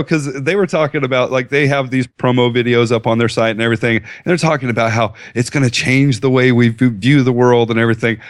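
A man chatting casually as co-host of a tech show, wandering through his point with restarts and little laughs. His voice sits at a middling pitch. The sound is dry and close, with no room around it. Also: no room sound. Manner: rambling, self-correcting, chuckling. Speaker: podcast co-host. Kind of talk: casual chat.

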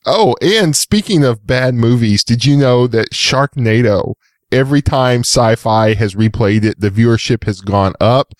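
A man with a mid-range voice, recorded dry and close. He co-hosts a casual podcast and tells stories at a relaxed pace, with easy fillers. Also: medium pitch, unhurried, no echo. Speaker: podcast co-host.

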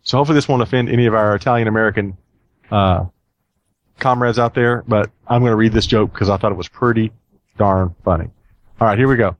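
A man's voice: fairly low pitch, fast talker, no echo. A man hosting a casual podcast, rambling and chatty with plenty of fillers. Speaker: podcast host.

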